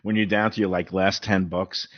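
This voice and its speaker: A man with a Brooklyn accent hosting a show, telling stories in a casual, animated, mouthy way. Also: sits low, normal speed, no echo. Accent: Brooklyn New York. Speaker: host. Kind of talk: casual chat. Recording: dull lo-fi sound, dry.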